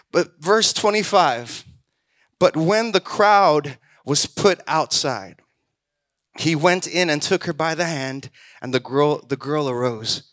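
A man preaches in a high, lively voice, shifting into quoted voices and then building to loud exhortations. The sound is close and dry, with almost no room around him. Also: no room sound. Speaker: pastor. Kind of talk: sermon.

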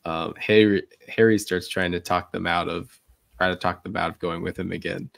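A man's voice: deep voice, fairly even intonation, moderate pace, creaky, fairly bright tone, no echo. A man co-hosting a casual podcast over a remote call, chatting with wry, sarcastic asides. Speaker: podcast co-host.

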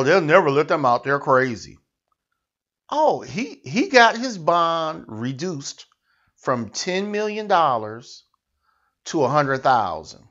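A man's voice: on the high side, a bit bright, highs cut off. A man hosting a satirical news show, ranting with mocking sarcasm. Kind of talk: comic political rant.

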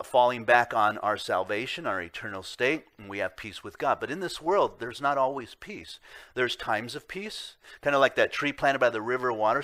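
A man preaching in a church, his voice bright and forceful. He talks earnestly, leans on rhetorical questions and swings from loud emphasis to quiet, low asides. His pitch sits in the middle for a man. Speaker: pastor. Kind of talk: sermon. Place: church sanctuary.

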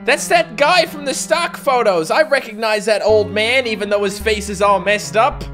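A man doing jokey, excitable commentary while playing a video game, laughing often. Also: high voice, moderate pace, soft background music. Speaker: gaming YouTuber. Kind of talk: let's-play commentary.

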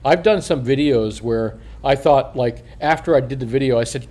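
An older coin shop owner rambles casually and profanely on a video, chuckling as he goes and slurring slightly because of a missing front tooth. His voice is mellow and medium-pitched, delivered at a moderate pace with few pauses.

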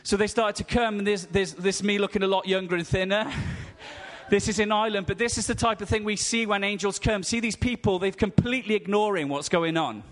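A man's voice: sits high, brisk, in a large hall. A man giving an enthusiastic sermon-style teaching, laughing as he talks through pictures. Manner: animated, enthusiastic storytelling with laughter. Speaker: teacher at a ministry school.

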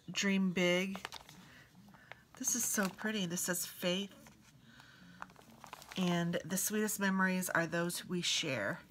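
A woman vlogger casually showing off craft mail she received, gushing softly and sometimes dropping to a whisper. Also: on the low side, a little hiss or hum, poor audio. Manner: gushing, soft-spoken, drifts into whispers. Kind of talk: casual show-and-tell unboxing.

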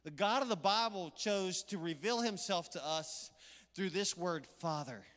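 A middle-aged man with a Southern US accent preaching a sermon in a church, energetic and conversational with playful asides. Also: high-pitched, a little slow. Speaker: pastor. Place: church sanctuary. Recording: live church hall reverb.

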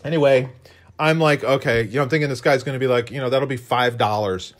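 A man's voice: mid-range voice, fairly even intonation, fast talker. A man co-hosting a live painting stream, chatting in a rambling, self-deprecating way as he works. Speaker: co-host and illustrator. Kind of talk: casual live-stream chat while painting.

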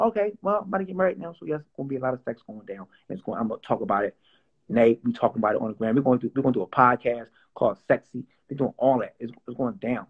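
A man's voice: mid-range voice, husky, muffled recording. A young man who writes and produces songs, chatting casually in an interview, playful and loose with lots of fillers and repeats. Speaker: songwriter and producer.

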